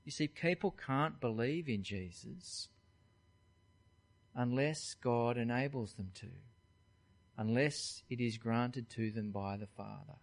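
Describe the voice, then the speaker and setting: A man gives an expository sermon, walking his listeners through scripture point by point. His voice sits at an ordinary middle pitch, and his delivery stays conversational rather than grand. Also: slow pace. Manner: conversational, explains verse by verse. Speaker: preacher. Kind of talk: expository Bible teaching.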